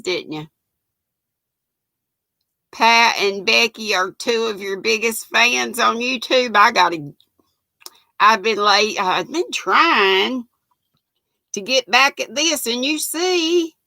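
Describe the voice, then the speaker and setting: A woman's voice: on the high side, gravelly, bright, forceful tone, no echo. A woman, hosting a live craft stream, chatty and folksy, greeting viewers by name and calling them honey. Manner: chatty and folksy, laughs often, calls viewers sweet and honey.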